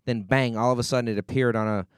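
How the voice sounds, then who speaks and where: A man co-hosts a relaxed podcast, spinning loose, animated stories. His voice is smooth and resonant, in a middle pitch. The sound is dry and close. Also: quick pace, no echo. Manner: rambling, animated storytelling. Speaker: podcast co-host. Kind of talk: casual podcast chat.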